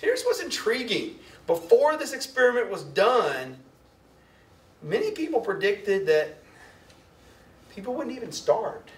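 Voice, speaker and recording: A man's voice: high voice, huge pitch swings, unhurried, pauses often. A man giving a chatty, jokey classroom lecture and asking his class questions. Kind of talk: classroom lecture with student discussion. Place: lecture hall. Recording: echoey lecture hall from far off.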